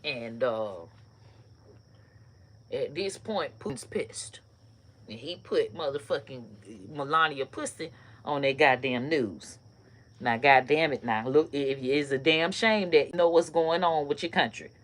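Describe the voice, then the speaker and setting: Low-voiced woman ranting profanely. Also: unhurried. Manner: profane, animated storytelling with laughter. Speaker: online comedy host. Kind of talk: casual live-stream rant.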